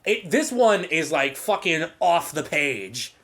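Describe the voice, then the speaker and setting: A male podcast co-host chats casually while recapping an earlier episode, with plenty of profanity. Animated throughout, he ridicules characters through quick impressions in high, put-on voices.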